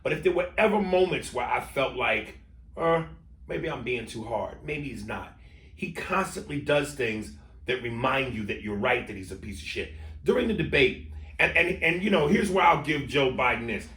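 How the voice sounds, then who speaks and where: A man's voice: medium pitch, animated, normal speed, a bit bright, distant mic. A man co-hosting a podcast, arguing politics with passion, swearing and stumbling over restarts. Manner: impassioned, swearing, stammering restarts. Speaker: podcast co-host. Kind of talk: heated political debate chat. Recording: roomy echo.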